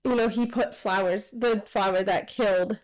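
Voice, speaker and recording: A woman's voice: mid-range voice, moderate pace, rough recording. A woman co-hosting a casual book podcast, eagerly retelling the plot and acting out the characters' lines. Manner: animated retelling with quoted voices, swearing. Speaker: podcast co-host.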